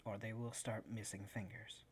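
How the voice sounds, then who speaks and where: A player voicing a female rogue who speaks her threats in a low whisper. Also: little pitch movement, moderate pace, a little hiss or hum, close to an everyday voice. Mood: threatening.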